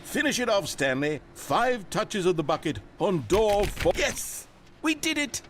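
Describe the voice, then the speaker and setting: A man voicing a dry, sardonic narrator in a video game, telling the story in a measured, wry, theatrical way. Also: high voice, animated, slight background noise. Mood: triumphant. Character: dry, sardonic male office-game narrator, middle-aged.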